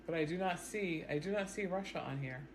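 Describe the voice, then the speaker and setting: A woman talking straight into her own camera, explaining the news in a loose, animated way and often doubling back on her words. Her voice is clear, with a faint hum of noise behind her. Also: fairly low pitch, fairly quick. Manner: animated, repeats words, talks straight to viewers. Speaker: news commentary vlogger. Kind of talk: casual explanatory commentary to camera. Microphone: self-recorded camera setup.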